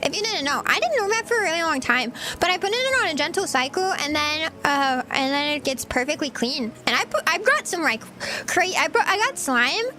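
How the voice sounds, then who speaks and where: A woman's voice: high voice, very animated, a little fast, pushed and bright, slight background noise. A woman VTuber streamer chatting casually with viewers while she eats, giggly and rambling. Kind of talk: casual livestream chat.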